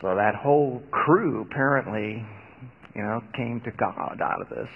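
A man's voice: mid-range voice, measured pace, husky. A man preaching a sermon in a conversational way, with wry asides. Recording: dull, echoey hall recording.

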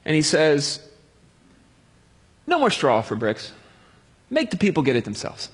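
A man's voice: on the high side, wildly swooping pitch, unhurried, breathy edge, long reverb tail. A man preaching a sermon in a conversational way, with jokey everyday analogies.

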